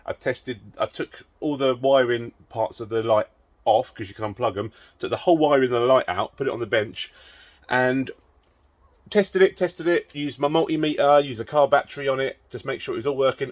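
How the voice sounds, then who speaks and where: A man casually talking through a car repair, chatty and easily frustrated, working under the car with the camera close to his face. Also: medium pitch. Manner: chatty, frustrated, swears and laughs at himself. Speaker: car modding vlogger. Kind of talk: casual DIY car vlog.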